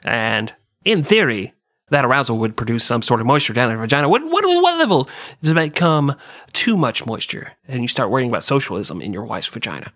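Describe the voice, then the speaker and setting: A rapid-fire male pundit, put on by a man, talking quickly in a dead-dry close recording. He argues his point with mock seriousness. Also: mid-range voice, very animated, a bit bright, dry recording. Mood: mock-earnest.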